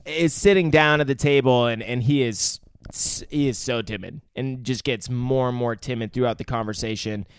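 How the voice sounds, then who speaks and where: A man's voice: medium pitch, moderate pace, clean tone, no echo. A man co-hosting a casual movie review podcast, retelling scenes loosely, swearing freely and putting on voices for the characters. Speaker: podcast co-host.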